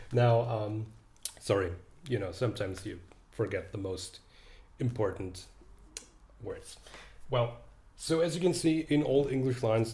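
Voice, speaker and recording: A young man giving an online literature lecture, thinking aloud with hesitant fillers and restarts, reading verse lines slowly. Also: mid-range voice, mellow, roomy sound. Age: young adult.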